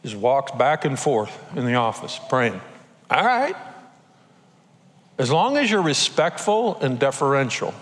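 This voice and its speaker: A man's voice: mid-range voice, very animated, measured pace, pauses often. Older man preaching in a reverberant church. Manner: conversational and emotional, acting out quotes. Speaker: pastor. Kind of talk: sermon. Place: church auditorium. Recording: long hall reverb.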